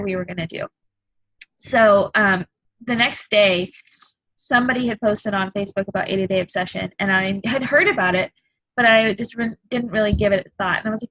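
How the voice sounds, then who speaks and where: A woman in her thirties, a fitness coach, giving a candid and earnest personal testimony on a group call, halting often with ums. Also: medium pitch, fairly bright tone, dry recording, low-quality recording. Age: 30s.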